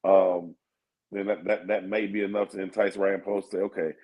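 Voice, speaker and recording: A man's voice: low-pitched, little pitch movement, a little fast, a little mellow, low-quality recording. A man analyzing sports in casual talk-show chat, thinking aloud and asking "you know what I mean?". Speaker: sports talk co-host or guest.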